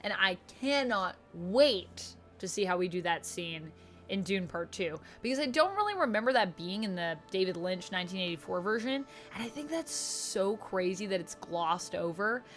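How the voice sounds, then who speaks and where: Her voice mid-range and expressive, a woman reviews books in a casual vlog at normal speed, bubbling with enthusiasm and lots of "like" fillers. Soft background music accompanies her.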